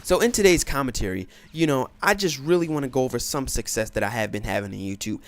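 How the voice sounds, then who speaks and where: A man's voice: mid-range voice, expressive, fast, a bit bright. A man doing casual gameplay commentary, boastful and swaggering, swearing freely and laughing at his own stories. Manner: profane, laughing storyteller. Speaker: gaming commentator.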